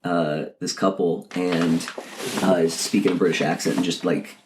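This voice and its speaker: Man, very low voice, rambling, lots of fillers, podcast co-host. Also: level tone, a little slow, noisy background. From Texas. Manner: rambling with many fillers and laughs. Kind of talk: casual storytelling chat.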